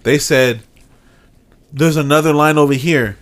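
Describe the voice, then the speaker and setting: Profane animated man telling a story. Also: a little high, unhurried. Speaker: podcast co-host. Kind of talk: casual chat, storytelling.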